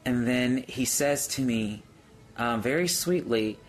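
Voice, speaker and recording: Man, livestream testimony, slow-paced, awed and hesitant, middle pitch. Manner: earnest, awed storytelling with frequent hesitations. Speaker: Christian speaker sharing a vision. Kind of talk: livestream testimony, answering viewers.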